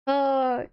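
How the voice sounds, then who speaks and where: High-voiced streamer, profane and rambling. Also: female voice, very noisy. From United States. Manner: rambling, profane, exasperated mock disbelief with laughing outbursts. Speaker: VTuber streamer. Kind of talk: casual stream chat.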